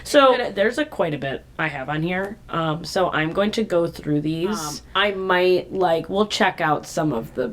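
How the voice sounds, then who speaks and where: A woman co-hosting a casual podcast, chatting and explaining terms from her notes, often dropping into a soft, low voice. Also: lively intonation, unhurried, few pauses. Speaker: podcast co-host.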